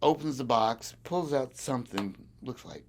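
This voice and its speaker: Recorded on a desk recorder with slight background noise, this farmer's mid-range voice moves at normal speed as he tells oral history stories, chuckling plenty and performing the voices of the people he quotes.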